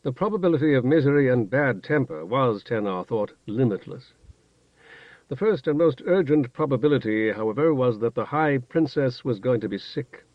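A man narrating a fantasy novel in a measured, even storytelling manner. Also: medium pitch, dry recording. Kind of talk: audiobook narration. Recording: dull, dry studio recording.

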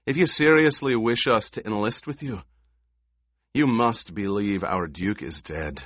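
Audiobook figure: weary, angry male fighter, tense forceful delivery, read by a man. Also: on the low side, a little slow, dry recording, studio quality. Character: gruff weary male warrior, angry, grieving.

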